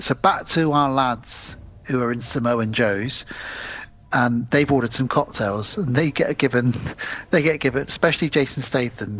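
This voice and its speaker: Guy rambling through movie scenes on a podcast, mid pitch, kinda lo-fi sound. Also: fairly bright tone. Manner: retells scenes at length. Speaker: podcast co-host. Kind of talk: casual film-discussion chat.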